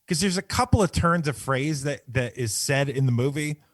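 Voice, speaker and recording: A man's voice: a little high, expressive, moderate pace, no echo. A man co-hosting a movie podcast, chatting casually and reading a prepared bit in a mock-formal tone on a close mic. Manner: mock-formal delivery when reading his segment. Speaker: podcast co-host.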